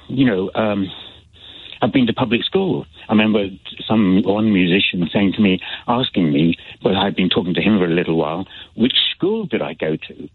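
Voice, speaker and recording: A man's voice: fairly low pitch, breathy edge, no echo. A male caller with a slight Belfast accent, talking hesitantly with many fillers and restarts. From Northern Ireland. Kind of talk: phone-in chat. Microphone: telephone. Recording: tinny phone line.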